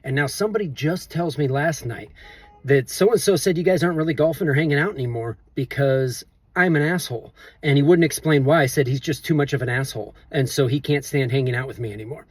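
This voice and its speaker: A middle-aged man telling a personal story in a chatty, animated way and asking viewers to judge him. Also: a little high, fast, slightly rough, no room sound. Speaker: vlogger. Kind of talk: casual storytelling to camera.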